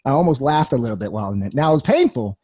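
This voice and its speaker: A man's voice: medium pitch, very animated, rapid-fire, mellow, slightly rough, dry recording, clean studio sound. A young man giving a personal testimony talk, telling his story earnestly with wry humor.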